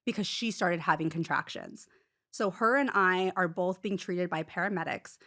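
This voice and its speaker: A woman telling her own story as an interview guest in casual, animated talk, peppered with "like" and quick restarts. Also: on the low side. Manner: rapid, animated retelling full of "like" fillers and restarts.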